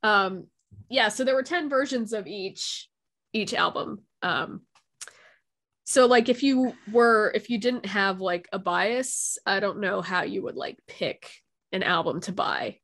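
A woman's voice: medium pitch, slow, a bit bright. Frank, joking young woman co-host. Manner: frank and joking, casual swearing. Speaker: podcast co-host. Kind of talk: casual chat.

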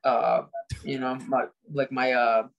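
A man around thirty from Indiana, a fighter chatting as a podcast guest, energetic and rambling with many fillers and restarts. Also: mid-range voice, slow pace, muffled recording, soft background music. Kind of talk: casual podcast chat.

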